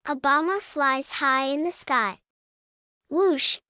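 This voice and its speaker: A woman narrating a scripted vocabulary lesson for young children, spelling words out slowly and adding playful sound words. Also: sits high, no room sound, studio quality. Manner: slow, even spelling-out with cheerful sound words. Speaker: vocabulary teacher.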